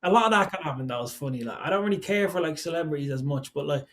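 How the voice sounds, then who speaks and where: A young man in his twenties chatting on a podcast, rambling and stacking fillers as he goes. His voice sits slightly higher than most men's. He downplays himself easily. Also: lively intonation, rapid-fire. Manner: rambling, filler-heavy, self-deprecating. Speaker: podcast guest, songwriter. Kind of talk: casual podcast chat.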